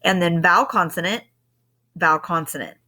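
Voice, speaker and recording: A woman's voice: fairly low pitch, normal speed, sharp tone. A woman teacher recording a patient, step-by-step spelling lesson for her students.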